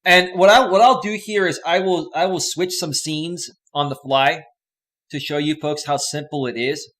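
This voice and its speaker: A man's voice: on the high side, fairly even intonation, normal speed, a bit bright. Chatty man hosting a live stream. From Northern California. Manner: rambling, chatty, reads viewer comments aloud. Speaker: host. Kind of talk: casual live stream chat. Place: home studio with green screen. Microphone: desk microphone.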